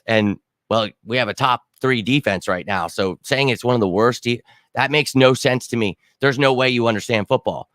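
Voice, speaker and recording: Brisk and a bit bright, this mid-range male voice belongs to a sports talk show host on a casual livestream. He rants with exasperation and talks to his chat, recorded with no echo.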